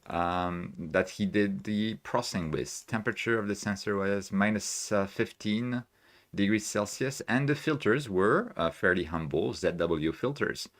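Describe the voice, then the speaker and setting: A man's voice: low-pitched, fairly bright tone. A man hosting a casual live stream, chatting loosely and reading viewer messages aloud from home, with lots of fillers and restarts. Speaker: astrophotography livestream host. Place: home room with equipment.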